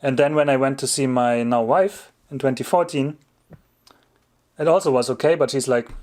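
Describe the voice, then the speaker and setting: A man's voice: medium pitch, moderate pace. German-accented man chatting on a livestream. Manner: relaxed, chuckling, often restarts and rephrases mid-sentence. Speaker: livestream host answering chat questions. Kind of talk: casual livestream chat.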